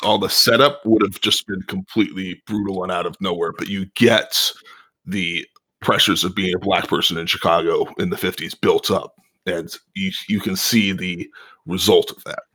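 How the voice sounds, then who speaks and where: A man co-hosting a podcast, calmly summarizing and analyzing a TV episode with a measured, explanatory manner. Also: low-pitched. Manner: measured, explanatory, with filler ums. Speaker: podcast co-host. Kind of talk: casual analytical TV recap.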